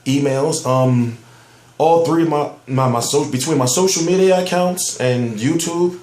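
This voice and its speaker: A man's voice: on the high side, a little slow, darkish tone, reverberant. A man giving heated, profane commentary on boxing news in a ranting vlog, amped up and emphatic. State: amped up on soda.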